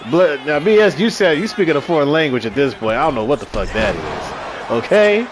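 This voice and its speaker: This is loose, profane, joking live commentary from a man in his thirties on a wrestling stream, where he sings and replies to viewers' chat. He speaks briskly in a sing-song voice on the high side, with slight background noise.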